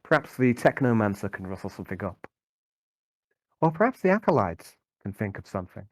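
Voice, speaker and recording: A man voicing a measured, formal male inquisitor giving orders in a tabletop game. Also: lowish voice, big pitch swings, no room sound. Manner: formal, deliberate speech.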